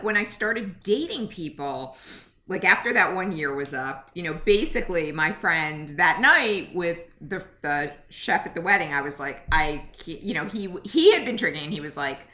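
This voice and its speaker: Bright, lively woman in a roomy space. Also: mid-range voice, normal speed. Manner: frank and self-mocking, with many fillers and restarts. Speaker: podcast co-host. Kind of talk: candid casual chat. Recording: roomy echo.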